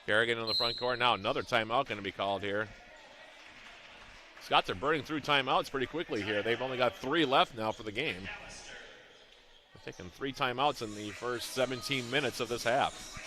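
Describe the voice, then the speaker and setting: Man, basketball announcer, play-by-play, brisk stat-heavy calling, sharp bright tone. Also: medium pitch. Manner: brisk, rhythmic calling of plays with stats.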